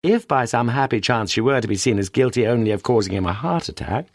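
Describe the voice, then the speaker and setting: A man with a British accent reading a detective story as an audiobook narrator in a steady storytelling manner. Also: medium pitch, fast, dry recording, clean studio sound. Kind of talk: scripted narration.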